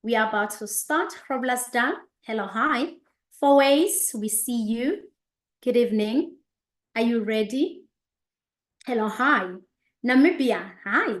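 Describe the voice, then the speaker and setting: A high-voiced woman in her thirties hosts a live online business session, greeting viewers one after another in an upbeat, repetitive flow. Her voice rings with noticeable room echo. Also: slow. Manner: energetic, repeats greetings, reads out viewers' locations. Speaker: host of an online business presentation. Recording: echoey room.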